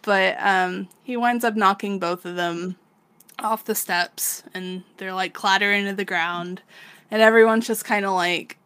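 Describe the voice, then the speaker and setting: A woman's voice: medium pitch, fairly even intonation, measured pace, fairly bright tone, smooth. A woman co-hosting a podcast, casually recapping a manga, laughing often and swearing freely as she acts out the characters. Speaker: podcast co-host.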